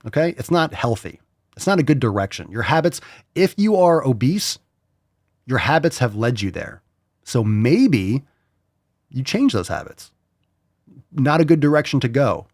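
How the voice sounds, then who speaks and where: Man, podcast host, blunt and profane, very lively pitch, dry studio sound. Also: measured pace, pauses often, no echo. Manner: blunt, profane, mocking voices for emphasis. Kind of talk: casual opinionated chat.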